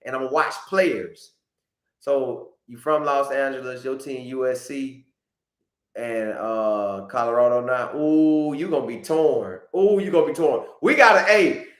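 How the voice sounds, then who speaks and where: A man hosting a casual live stream, talking straight to his viewers in an animated, repetitive way. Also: on the high side, reverberant. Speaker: podcast host reading live chat.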